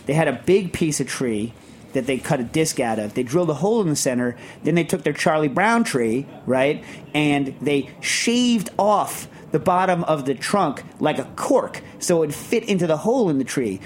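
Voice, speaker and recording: A man with a somewhat high voice hosts a casual radio show, rambling from topic to topic. He talks with an emphatic, animated push. Faint studio ambience hangs behind him. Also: normal speed, a little hiss or hum.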